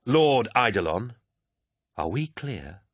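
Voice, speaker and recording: A man's voice: medium pitch, very animated, slow pace, slightly rough, no echo, voice pushed up, full character voice. A man voicing an insolent, mocking warrior captain who barks orders. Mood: scornful.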